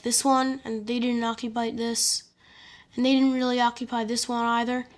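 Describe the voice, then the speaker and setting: A woman narrating an alternate-history map story in a casual, chatty way, with fillers and jokey asides. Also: a little high.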